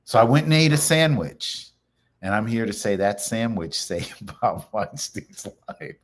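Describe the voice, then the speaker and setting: A middle-aged man with a fairly low voice tells a story in a relaxed interview. He acts out the other people's lines with a lot of animation. He speaks as a company founder talking through his career. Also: a little slow. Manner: animated storyteller acting out quoted dialogue.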